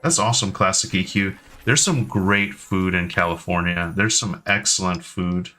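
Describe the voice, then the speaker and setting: A man's voice: sits low, moderate pace, pushed and bright. A man in his thirties chatting casually with his stream viewers, rambling and hesitant with lots of ums and restarts. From United States. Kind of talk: casual live-stream chat.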